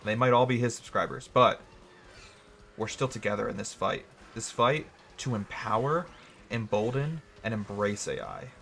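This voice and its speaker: A man's voice: on the low side, animated, moderate pace, creaky, fairly bright tone, faint music behind. A young man streaming a video game live, rambling and joking sarcastically with his chat. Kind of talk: gaming livestream chat.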